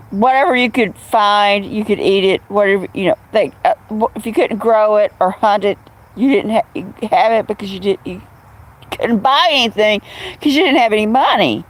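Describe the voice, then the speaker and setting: A woman's voice: medium pitch, rough recording. A woman chatting casually on a phone livestream at home, greeting viewers by name and telling stories. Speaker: livestream host.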